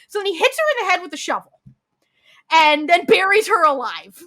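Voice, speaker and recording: Her voice is very high-pitched and her pace a little fast as she co-hosts a podcast. In relaxed conversation she narrates a drama's storyline, voicing quotes with animation, cursing, and leaning heavily on "like".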